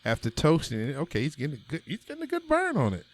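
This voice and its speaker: A man's voice: a little high, wildly swooping pitch, quick pace, dry recording. A man co-hosting a podcast, easygoing and agreeable, using slang and laughing often. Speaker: podcast co-host. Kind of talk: casual chat.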